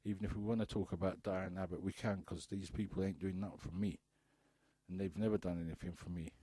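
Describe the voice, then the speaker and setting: A man's voice: deep voice, fairly even intonation, fast, mellow, breathy edge, dry recording. A man hosting a radio talk show, ranting bluntly with profanity and hammering home repeated rhetorical questions. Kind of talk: impassioned radio monologue.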